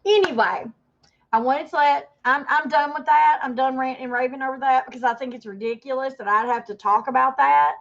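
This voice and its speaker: Woman, 50s, casual livestream host, rambling defensive rant, slightly high voice, muffled lo-fi sound. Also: creaky. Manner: rambling, defensive, talks to chat viewers. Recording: dull lo-fi stream audio.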